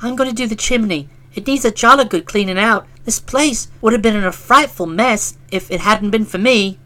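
A woman's voice: high-pitched, very animated, normal speed, fairly bright tone, voice pushed up. A woman voicing an eager, meddlesome small boy scout in an audiobook reading, earnest and persistent. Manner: earnest, persistent, cheerfully pushy. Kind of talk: audiobook character voice.

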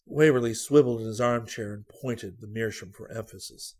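A man narrating a spy novel aloud in a measured, even reading voice. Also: fairly low pitch. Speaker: audiobook narrator. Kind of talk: scripted narration.

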